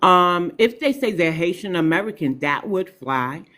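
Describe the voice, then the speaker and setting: A middle-aged woman, a podcast guest who talks emphatically and tells stories with big swings in pitch. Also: animated, normal speed, fairly bright tone. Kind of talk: podcast discussion.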